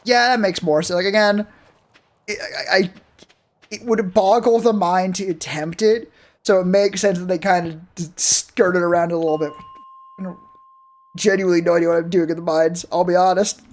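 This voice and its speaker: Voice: mid-range voice, steady tone, normal speed, a little mellow. A game streamer chatting casually with viewers while playing, rambling and swearing freely. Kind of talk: casual live-stream chat while gaming.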